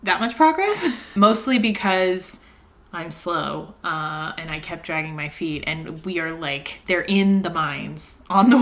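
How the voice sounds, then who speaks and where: A young adult woman chatting casually in a reading vlog, excitable and rambling, laughing often as she talks at home. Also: lowish voice, measured pace. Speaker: book vlogger. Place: home, indoors.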